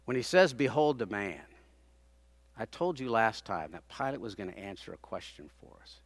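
A man preaching a sermon, dramatically acting out the people he quotes, rising to loud peaks and dropping to hushed tones. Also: big pitch swings, brisk, no echo. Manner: dramatic, acts out quoted speakers with big swings in loudness; drops to hushed low tones for emphasis.

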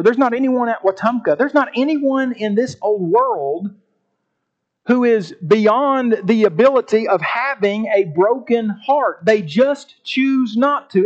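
A man preaching a sermon, with emphatic, drawn-out phrases and repeated words. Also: high-pitched, expressive, lo-fi sound. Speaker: pastor.

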